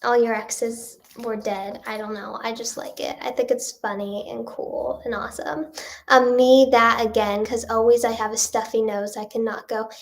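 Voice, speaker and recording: A woman's voice: fairly high pitch, little pitch movement, normal speed, gravelly. A young woman with a nasal voice, a singer-songwriter answering chat questions in a casual livestream, rambling with lots of fillers. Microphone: phone or webcam livestream.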